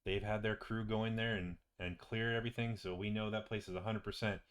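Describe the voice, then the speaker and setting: A chatty male wizard in a tabletop game who rambles eagerly and lifts his pitch as he gets excited, with a man voicing him. He tumbles from one thought into the next. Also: brisk, natural voice. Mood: casual.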